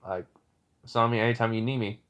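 A man's voice: medium pitch, steady tone, quick pace, a bit bright, lightly acted. A man voicing a wary, nervous giant summoned toad that speaks in a hesitant, questioning way. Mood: uneasy.

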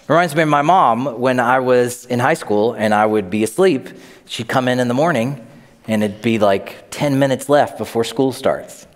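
A lively male pastor delivers a sermon, his pitch swinging widely as he acts out the people he quotes. He sounds middle-aged and conversational. A long reverb from the sanctuary hangs behind every word. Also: normal speed. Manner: animated storytelling, acts out quoted voices.

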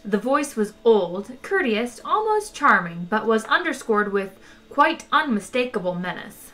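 A woman reading a novel aloud, expressive and unhurried. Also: a little high. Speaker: audiobook reader. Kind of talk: storybook narration.

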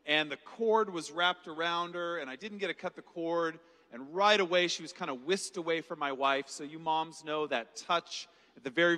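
A man in his forties giving a conference keynote, telling a personal story with jokes and acted-out quotes. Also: a little high. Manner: animated, jokey storyteller who acts out quotes. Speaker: keynote speaker. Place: large conference hall. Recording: reverberant hall.

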